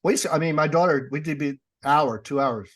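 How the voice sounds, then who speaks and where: A man's voice: a little high, a little fast, a bit bright. A middle-aged man, a guest on a podcast, casually telling sarcastic stories and acting out the dialogue. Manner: wry and sarcastic, acts out dialogue in his anecdotes. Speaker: guest, paranormal investigator and author. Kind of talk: casual storytelling.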